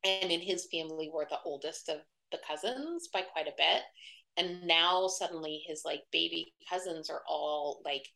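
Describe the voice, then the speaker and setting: A woman's voice: deep voice, normal speed, gravelly, bright, forceful tone, poor audio. A woman in her thirties, a guest telling stories in a casual interview, talking in a chatty way with many fillers and acting out the voices of people she quotes. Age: 30s. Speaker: guest, wedding website publisher.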